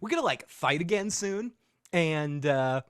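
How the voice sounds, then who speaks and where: A man's voice: a little high, lively intonation, measured pace, a bit bright, clean tone, dry recording, clean studio sound. A man voicing a bishop who flirts like a cheesy dude, in slangy, smarmy talk. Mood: flirty. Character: smooth-talking male bishop hitting on a woman.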